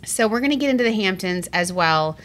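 A woman from Arizona co-hosting a casual podcast, talking quickly and bubbly, with lots of "like" and laughter. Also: mid-range voice, expressive, fairly bright tone. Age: adult parent. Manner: quick, chatty and bubbly, with many likes and laughs. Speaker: podcast co-host. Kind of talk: casual chat.

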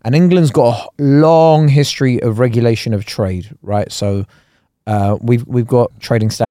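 Laughing podcast storyteller. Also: male voice, mid-range voice, normal speed, no echo, studio quality. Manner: animated, laughing, does voices. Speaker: podcast co-host. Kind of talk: comic storytelling chat.

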